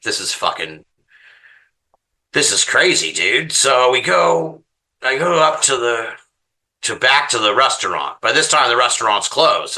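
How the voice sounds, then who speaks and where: A man telling a story as a podcast guest, swearing often and sounding exasperated as he recounts it. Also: fairly low pitch. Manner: profane, exasperated, animated storytelling. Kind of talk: casual storytelling.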